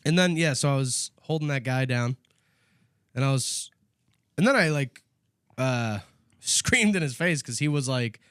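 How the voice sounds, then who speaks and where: A man co-hosting a podcast, telling a story in casual chat, animated and profane, acting out what others said. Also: medium pitch, unhurried, long pauses, smooth, dry recording, clean studio sound. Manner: animated, profane, acts out quoted voices. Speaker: podcast co-host.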